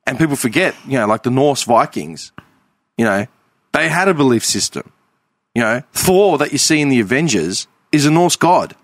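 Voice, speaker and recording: Man, opinionated podcast host, mid pitch, lively intonation, dry sound. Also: normal speed, no room sound. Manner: ranting, opinionated, says "man" and "right?" often. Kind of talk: casual chat.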